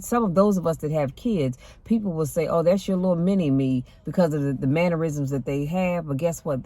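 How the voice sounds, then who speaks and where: A woman's voice: deep voice, dark tone, dry recording. A woman host giving an encouraging faith talk, speaking in an exhorting, preachy way. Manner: preachy, exhorting, calls out "come on now". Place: parked car.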